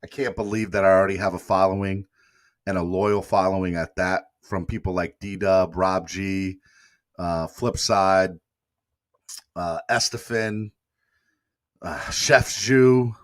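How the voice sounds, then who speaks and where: Man, live-stream host, emotional and rambling, lowish voice, dry close sound. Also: steady tone, slow, no echo. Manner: emotional, rambling, reads viewer comments aloud. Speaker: host of a fan morning show. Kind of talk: casual live-stream chat.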